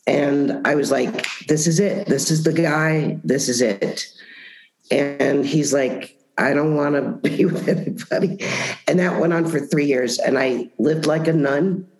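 A woman telling a story in a casual interview, animated and often laughing. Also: sits low, measured pace. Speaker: comedian guest. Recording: roomy echo.

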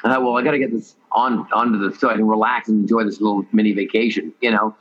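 A man telling a rambling, lively story as an interview guest, often correcting himself. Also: lowish voice, fast. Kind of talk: casual storytelling. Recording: dull lo-fi audio.

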